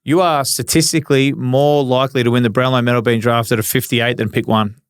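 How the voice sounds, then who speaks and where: An Australian man in his forties tells stories in a smooth, resonant voice. He is laid-back, swears freely and laughs through his anecdotes. The sound is dry and close. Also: medium pitch, steady tone, fairly quick, dry recording. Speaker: guest, retired footballer. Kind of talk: casual storytelling interview.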